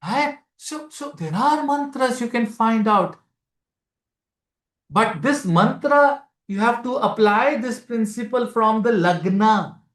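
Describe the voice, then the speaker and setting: Indian-accented astrology teacher lecturing to students; mid pitch, echoey room sound. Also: animated, takes it slowly. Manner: explanatory, repeats key phrases, mixes Hindi into English; addresses students directly with questions. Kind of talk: live masterclass lecture.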